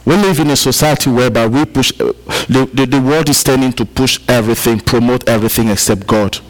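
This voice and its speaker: A man's voice: mid-range voice, fairly even intonation, a little fast, rough recording. A man from Africa preaching a sermon to a congregation, repeating key points for emphasis and chatting with the listeners. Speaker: pastor. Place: church service.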